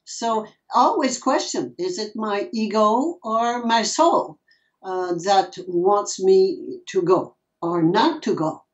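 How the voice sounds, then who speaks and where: A woman gives a reflective spiritual talk in an unhurried, soft-spoken way, often pausing to find her words. Her voice comes from a distance on a dull, muffled recording. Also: medium pitch, animated. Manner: soft-spoken, searching for words, repeats herself. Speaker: spiritual speaker. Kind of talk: reflective talk answering questions.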